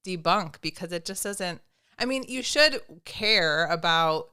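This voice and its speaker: A woman talks frankly as a podcast guest in casual conversation, swearing and laughing easily. Her voice sits low but sounds bright and very crisp. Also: lively intonation, measured pace.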